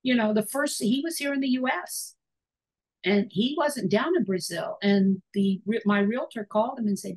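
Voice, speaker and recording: A woman's voice: fairly high pitch, normal speed, a little mellow, low-quality recording. A woman hosting a podcast interview who talks in a rambling, reflective way with many fillers. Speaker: podcast host. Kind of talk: conversational interview. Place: podcast studio.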